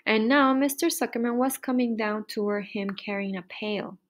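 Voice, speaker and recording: A woman reading a children's chapter book aloud with lively storybook delivery. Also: fairly high pitch, normal speed.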